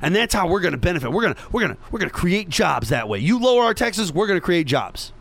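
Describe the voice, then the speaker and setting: A man's voice: high voice, sing-song, quick pace, gravelly, fairly bright tone. Sarcastic man ranting on a podcast. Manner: sarcastic, mocking impressions of others. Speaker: podcast host. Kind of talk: opinionated political monologue.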